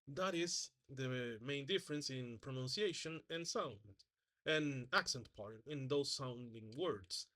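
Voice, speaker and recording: A man's voice: mid-range voice, slow pace, sharp tone. A man giving a spoken exam presentation as a student, hesitant, restarting words and correcting himself, demonstrating pronunciations by repeating example words.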